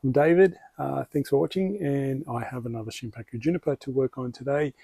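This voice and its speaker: Relaxed Australian man, mellow husky voice. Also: medium pitch, a little fast, no echo. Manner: rambling, self-correcting, friendly explanations. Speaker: bonsai channel host. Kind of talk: casual hands-on tutorial.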